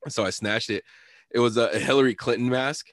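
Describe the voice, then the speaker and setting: A man's voice: medium pitch, steady tone, brisk, no room sound, clean studio sound. A young man telling stories in casual chat, laid-back, laughing and swearing.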